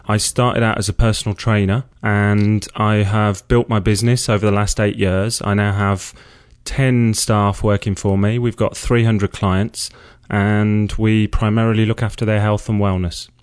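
A man's voice: lowish voice, flat delivery, unhurried, clear, resonant tone. Enthusiastic English man in his thirties. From England. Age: 30s. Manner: enthusiastic, earnest. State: out of breath. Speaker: guest, personal trainer. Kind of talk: interview.

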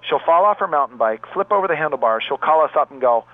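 A man's voice: on the high side, lively intonation, quick pace, no echo. A man who runs a pain therapy clinic, earnestly telling a long story from his practice as an interview guest. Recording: dry, tinny phone line.

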